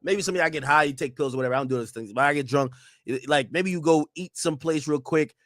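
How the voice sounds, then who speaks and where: A man's voice: a little high, fast, fairly bright tone, no echo. A young man streaming casual reaction commentary in a slangy, joking way.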